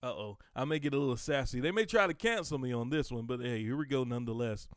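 A man's voice: mid-range voice, expressive, quick pace, smooth, no echo. Fervent preacher man, dry close sound. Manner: fervent, swells to emphatic outbursts, repeats himself. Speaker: podcast preacher. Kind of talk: sermon podcast.

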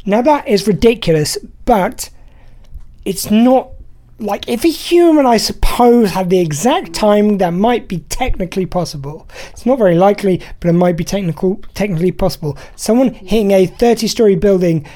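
A woman's voice: medium pitch, lively intonation, moderate pace, mellow. A woman hosting a radio show, chatting casually and enthusiastically about films. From Britain. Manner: chatty, enthusiastic, laughs easily. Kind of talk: casual film review chat.

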